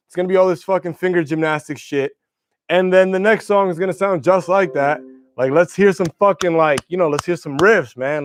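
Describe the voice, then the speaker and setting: A man's voice: high-pitched, dry recording, studio quality. A young man hosting a livestream, telling rambling, profane stories about guitars in casual chat. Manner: loose, profane, rambling storytelling. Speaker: livestream host.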